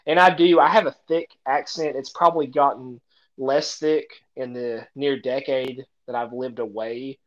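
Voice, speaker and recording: Man, Appalachian twang, mid-pitched voice, chatty podcast co-host, laughs often, hesitant fillers. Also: steady tone, moderate pace, muffled recording. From Appalachia, Tennessee-Virginia border. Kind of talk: casual chat.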